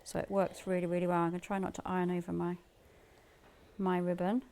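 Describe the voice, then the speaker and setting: A woman's voice: on the low side, level tone, quick pace, a little mellow, a little hiss or hum. A woman demonstrating sewing live in a TV studio, explaining each step in a chatty way and laughing easily. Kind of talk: live shopping-TV sewing demo.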